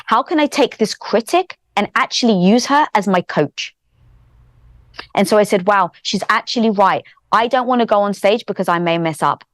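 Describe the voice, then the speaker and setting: A woman guest on a podcast, telling a personal story in an animated way and acting out her inner thoughts. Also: mid-range voice, normal speed, no echo, studio quality. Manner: animated, acts out inner dialogue in quotes. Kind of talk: conversational storytelling.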